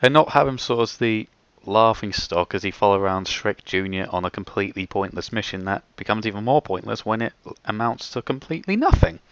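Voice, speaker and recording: A man's voice: fairly low pitch, lively intonation, brisk, fairly bright tone, smooth, dry recording. Wry man on a dull dry mic. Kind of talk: casual chat with a friend.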